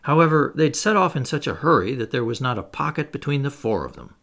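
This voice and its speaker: A man narrating a classic children's storybook aloud in an expressive, animated reading. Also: mid-range voice, fast talker. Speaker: audiobook narrator.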